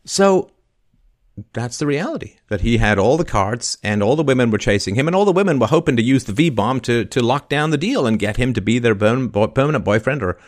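A man hosting a call-in show, telling an animated story and acting out the quoted voices. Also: mid-range voice, brisk. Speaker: podcast host.

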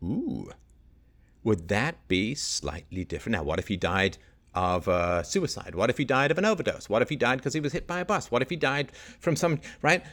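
A man's voice: mid-range voice, sing-song, moderate pace, a bit bright. A middle-aged man hosting a solo livestream, reading news aloud and picking at it with sarcastic, exasperated rhetorical questions. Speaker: livestream host.

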